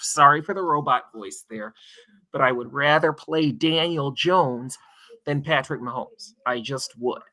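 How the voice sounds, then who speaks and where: A man's voice: fairly high pitch, unhurried, sharp tone. A man co-hosting a sports stream, starting hesitantly and then analyzing the playoff picture. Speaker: co-host. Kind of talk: casual sports talk stream.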